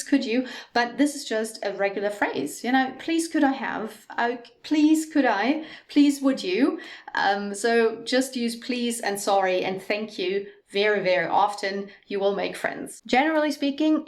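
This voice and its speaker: A middle-aged woman with a German accent talks through an online English lesson in a lively, chatty way. Her voice sits at an ordinary middle pitch, and her intonation rises and falls melodiously as she explains. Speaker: English teacher.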